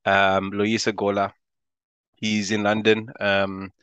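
A man's voice: on the low side, completely flat delivery, takes it slowly, fairly bright tone, smooth, no room sound, highs cut off. A man from South Africa with a South African accent, a comedian chatting as a guest in a laid-back, rambling, jokey way. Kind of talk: casual interview chat.

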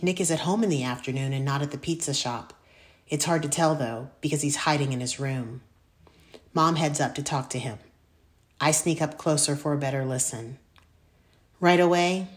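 A woman reading a children's story aloud in the first person, expressive and clear. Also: sits low, normal speed. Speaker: audiobook narrator. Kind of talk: scripted first-person narration.

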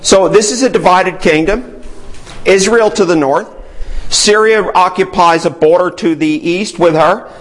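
A man's voice: high-pitched, measured pace, rough recording. A man teaching a Bible study in a conversational way, often putting questions to the group.

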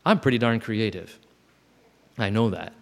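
A man's voice: lowish voice, expressive, normal speed, gravelly. A man in his fifties giving a thoughtful, self-reflective personal talk at a gathering, often restarting his sentences. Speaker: speaker at a gathering. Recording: long hall reverb.

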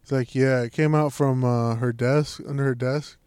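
A young man casually telling a long, profane, animated story, full of "I'm like" and "she's like". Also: medium pitch, normal speed, smooth, dry recording, studio quality. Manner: rambling, profane, animated retelling with lots of "I'm like". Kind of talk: casual chat.

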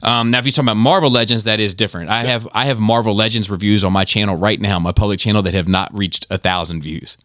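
A man's voice: fairly low pitch, steady tone, fast talker, few pauses, fairly bright tone, no room sound, clean studio sound. A man hosting a casual podcast chat, talking in a rambling, emphatic way and often restarting his sentences. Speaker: podcast host.

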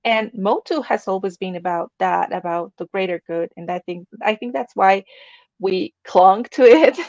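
A woman guest co-host on a podcast, speaking emotionally and haltingly and repeating words as she searches for them. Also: medium pitch, a little mellow, no room sound. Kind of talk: casual podcast chat. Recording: dull, dry lo-fi sound.

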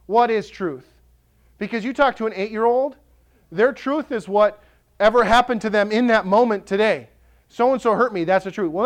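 A male pastor delivers a sermon in a notably high voice. He preaches with passion, building to emphatic declarations. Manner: impassioned, rising to emphatic declarations.

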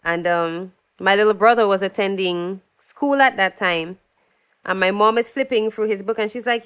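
A young woman tells stories from her life in a relaxed interview. Her voice is smooth and clear, and she gets animated as she acts out what other people said. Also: mid-range voice, moderate pace. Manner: animated storyteller, acts out quotes, laughs often. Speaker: guest, singer. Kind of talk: casual interview chat.

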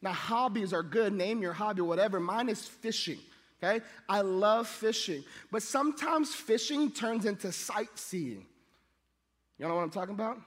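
Speaking at a moderate pace in a large hall, a middle-aged pastor with a high-sitting voice preaches through humorous stories, animatedly impersonating the people in them.

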